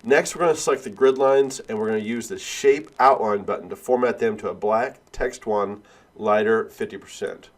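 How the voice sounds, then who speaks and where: A man instructor giving a screen-recorded software tutorial, explaining each click step by step and correcting himself along the way. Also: fairly low pitch, moderate pace. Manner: steady step-by-step walkthrough, self-correcting.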